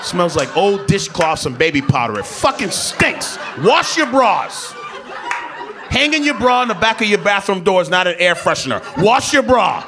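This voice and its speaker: A male comedian works a club stage with a high, lively voice that jumps from loud shouts to low muttered asides. His delivery is crude and animated. A crowd laughs loudly behind him in the live room. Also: moderate pace, hardly any pauses. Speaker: stand-up comedian. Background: audience laughter.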